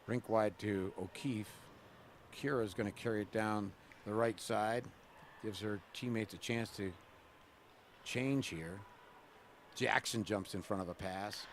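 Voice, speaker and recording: A man doing relaxed, chatty live play-by-play of a college women's hockey game at a rink. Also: on the low side, slow pace, pauses often, a little hiss or hum. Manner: relaxed, chatty, jokes with the camera person between plays. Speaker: play-by-play announcer.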